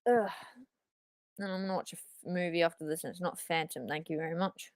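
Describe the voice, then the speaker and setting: Excitable Australian woman calling wrestling live. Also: lowish voice, a little fast, no room sound. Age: young adult. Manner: excitable, swearing, shouting at big moves. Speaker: watchalong streamer. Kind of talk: live wrestling watchalong commentary.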